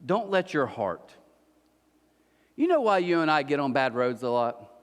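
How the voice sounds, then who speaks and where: A man's voice: a little high, a little slow. A man preaching a sermon as pastor, telling stories with energy and acting out the voices of the people in them. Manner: animated storytelling, acts out voices. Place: large church hall. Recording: reverberant church hall.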